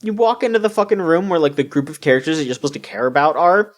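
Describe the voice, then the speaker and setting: A man's voice: on the high side, quick pace. A man co-hosting a casual gaming podcast, ranting with heavy swearing. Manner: ranting, profane, animated. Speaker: podcast co-host.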